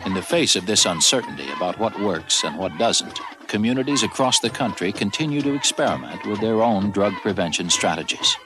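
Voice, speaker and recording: A man giving measured, scripted narration for a documentary. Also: fairly low pitch, lively intonation, over loud music.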